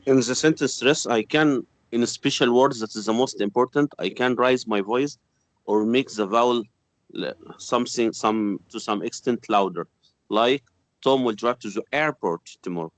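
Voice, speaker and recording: A male student answering his teacher in class, halting as he searches for words. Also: mid-range voice, no room sound.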